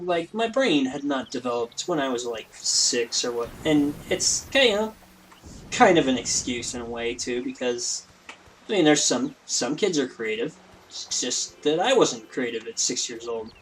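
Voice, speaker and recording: A man's voice: mid-range voice, a little hiss or hum, rough recording. A man giving rambling, self-deprecating, jokey commentary while playing a game. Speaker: let's play host. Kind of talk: casual gameplay commentary.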